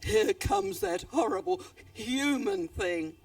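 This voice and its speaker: A woman's voice: high voice, big pitch swings, slow pace, gravelly, a little mellow, no echo, distant mic, full character voice. A woman voicing a nervous, grumpy female snake in a children's story, drawn out and stammering. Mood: grumbling.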